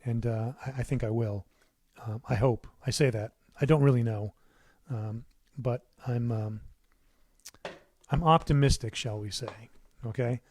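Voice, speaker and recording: A man's voice: mid-range voice, fairly even intonation, a little slow. A middle-aged man hosting a casual livestream from his recording studio, rambling between answers with plenty of fillers and restarts. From United States. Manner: rambling, warm asides, many fillers and restarts.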